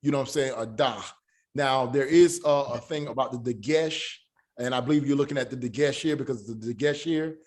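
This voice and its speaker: Male online teacher: halting delivery, many fillers, slow syllable drills. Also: medium pitch. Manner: spells out sounds slowly. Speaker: Hebrew teacher.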